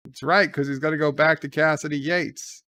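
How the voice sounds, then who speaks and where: A man's voice: on the high side, fairly even intonation, normal speed, pushed and bright. A man hosting a live watch-along, casually retelling scenes in loose paraphrase and answering viewer chat. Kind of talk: casual live episode commentary.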